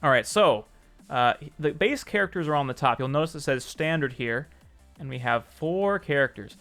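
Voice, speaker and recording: A man's voice: on the high side, expressive, normal speed, fairly bright tone, faint music behind. A man casually chatting with his live-stream audience, answering viewers by name, joking, and correcting himself as he goes. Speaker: streamer and game developer.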